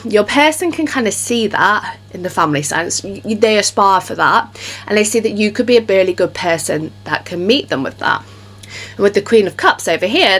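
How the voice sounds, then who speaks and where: A woman's voice: medium pitch, a bit bright. A woman giving a casual tarot reading to camera, chatty and reassuring, often checking in with "okay?". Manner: chatty, reassuring, repeats "okay?" and "you know". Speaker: tarot reader.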